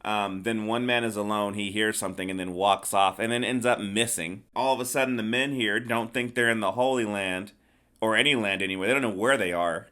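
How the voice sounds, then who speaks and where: Bright-toned man rambling through a movie recap. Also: on the low side, steady tone, brisk. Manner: rambling, hesitant, acts out characters' lines. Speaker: podcast host. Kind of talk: casual movie review chat.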